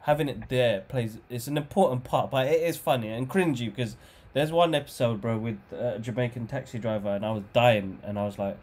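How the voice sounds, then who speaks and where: A man's voice: medium pitch, a little fast. Laid-back man saying "bro". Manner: relaxed, rambling, says "bro" a lot, self-correcting. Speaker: podcast co-host. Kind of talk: casual chat.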